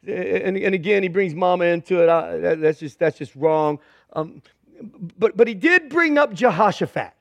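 Joking male pastor, high voice, dry close sound, conversational and emphatic. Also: animated, normal speed, creaky, no room sound, lo-fi sound. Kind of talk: humorous sermon.

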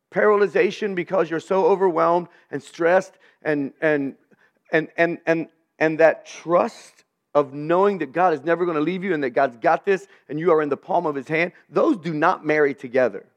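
A man's voice: on the high side, normal speed, highs cut off. An older man preaching a sermon to a room of listeners, earnest, often stammering and repeating words as he builds his points. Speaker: pastor. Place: church room with a live audience.

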